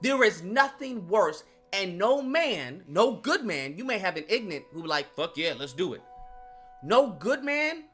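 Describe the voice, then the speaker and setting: Man, commentary rant, very lively pitch, sharp bright voice, repeats himself for emphasis, swears a lot. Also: a little slow, hardly any pauses, faint music behind. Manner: emphatic, repeats lines for effect, profane. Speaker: commentary channel host.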